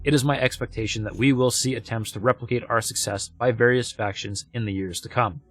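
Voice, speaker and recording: A man's voice: medium pitch, fairly even intonation, a bit bright, soft background music, close to an everyday voice. A man putting on a formal newscaster voice. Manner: measured, formal read-aloud delivery. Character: formal male newscaster reading a report. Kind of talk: reading game text aloud in character.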